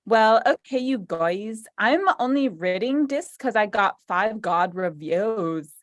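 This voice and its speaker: A woman's voice: medium pitch, expressive, slow pace, no echo. A woman doing a playful, mock-serious reading of a story aloud with friends. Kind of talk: comic dramatic reading. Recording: dry close sound.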